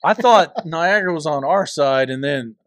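A man's voice: a little high, lively intonation, moderate pace, dry recording. A man co-hosting a podcast, cracking crude jokes in casual banter. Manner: wisecracking, crude humor. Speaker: podcast co-host.

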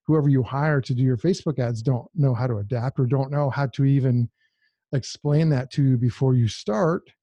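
A man's voice: mid-range voice, normal speed, mellow, slightly rough, no echo, lo-fi sound. A man co-hosting a podcast, talking in a direct, emphatic, casual way. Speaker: podcast co-host.

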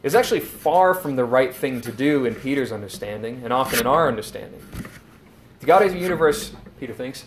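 A man's voice: medium pitch, slight background noise. A man preaching a sermon, earnest and explanatory, retelling scenes in quoted lines.

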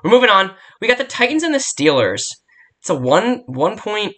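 Profane, rambling young podcast host. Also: male voice, high voice, very animated, normal speed, fairly bright tone. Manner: profane, blunt, rambling with restarts. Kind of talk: casual solo sports betting podcast. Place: home room near a barking dog.

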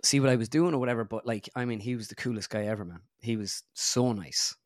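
A man's voice: mid-range voice, fast talker, dry recording, clean studio sound. A young Irish man, a guest comedian, telling a rambling golf story in casual chat, full of fillers. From Ireland.

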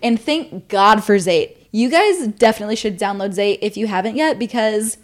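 A woman's voice: mid-range voice, moderate pace. A young woman co-hosting a podcast, telling a story casually, swearing freely and acting out what people said. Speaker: podcast co-host.

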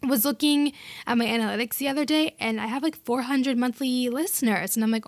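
A woman's voice: fairly high pitch, fairly quick, no echo. Upbeat, chatty woman podcast host. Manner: upbeat and chatty, playful emphasis. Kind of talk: casual podcast chat.

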